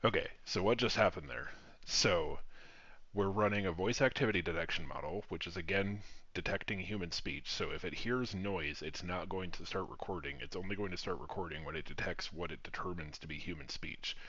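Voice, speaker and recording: Deep-voiced guy walking thru his project, swears a bit, kinda muffled dry sound. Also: fairly quick, breathy edge, no echo. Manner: relaxed, explains step by step, swears casually. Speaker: software developer demoing his project. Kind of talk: casual screen-recorded tech demo.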